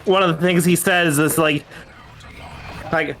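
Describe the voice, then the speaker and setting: A man chatting on a game stream in a fairly high voice. He stalls often, circling back and restarting his sentences. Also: steady tone, unhurried, pauses often, fairly bright tone. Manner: hesitant, many fillers and restarts. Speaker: streamer host. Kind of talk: casual gaming stream chat.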